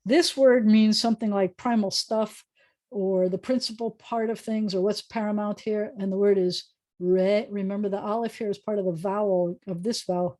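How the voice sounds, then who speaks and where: A woman's voice: medium pitch, dark tone. A woman rabbi teaching a beginners' Hebrew lesson over a video call, patiently sounding out words with chatty asides.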